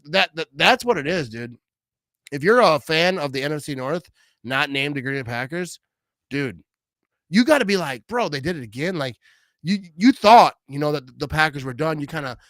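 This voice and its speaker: A young man hosting a casual sports talk show, excitable and slangy, reading out fan messages. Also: fairly high pitch, fairly quick, no echo. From Wisconsin. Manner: excitable, slangy, says "bro" and "you know what I mean" a lot.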